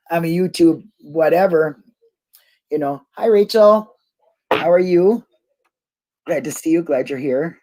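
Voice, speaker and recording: A woman's voice: lowish voice, darkish tone. Woman, casual livestream chat, rambling, laughs a lot, emotional. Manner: emotional, cries easily. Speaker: YouTube livestream host.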